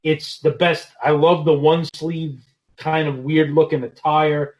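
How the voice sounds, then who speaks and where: Podcast guest guy, voice a bit on the higher side, laid back, lots of you-knows. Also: unhurried, low-quality recording. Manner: relaxed, heavy on "you know" fillers. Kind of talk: casual wrestling podcast chat.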